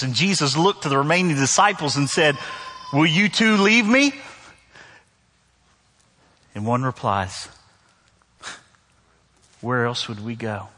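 A man's voice: medium pitch, fairly bright tone, breathy edge. A man from the northern United States preaching a sermon to his church, conversational and joking, with emphatic repetition. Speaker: pastor. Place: church sanctuary. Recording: long hall reverb.

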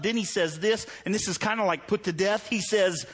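A man's voice: high-pitched, brisk, few pauses, a bit bright, husky. A man pastor, preaching a sermon in a conversational, self-deprecating way that rises into emphatic preaching. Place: church hall. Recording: long hall reverb.

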